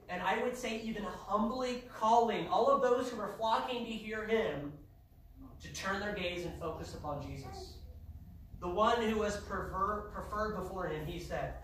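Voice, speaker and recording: Heard from a distance in a very echoey church sanctuary, a male pastor delivers an emphatic sermon that rises to shouts. His voice sits high, and the recording carries a little hiss or hum.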